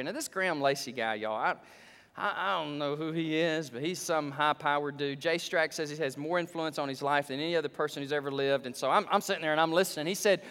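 A male pastor preaching a sermon, his voice surging up for emphasis and dropping low. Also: fast talker, fairly bright tone, smooth. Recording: long hall reverb.

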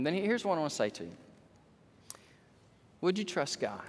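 A male pastor preaching a sermon in church, animated, dropping low and slow, then rising to loud high exclamations. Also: long reverb tail. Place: church sanctuary.

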